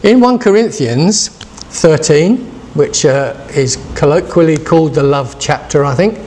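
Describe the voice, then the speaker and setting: A man's voice: fairly high pitch, lively intonation, unhurried, darkish tone, slight background noise. A man in his sixties preaching a casual, chatty sermon and asking his listeners questions. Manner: chatty, asks the congregation questions.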